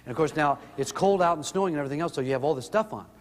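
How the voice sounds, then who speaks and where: A middle-aged man telling humorous family stories in an animated way to an audience. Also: very fast, in a large hall, background noise. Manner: animated, rises in pitch when excited. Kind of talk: humorous storytelling talk.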